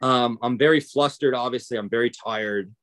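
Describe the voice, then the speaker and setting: A man from the United States recounts a story on a podcast in loose, casual speech. He slips into the voices of the people he quotes, which keeps the telling animated, and his pitch sits in an ordinary middle range for a man. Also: normal speed. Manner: animated, acts out others' lines in quotes. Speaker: podcast guest.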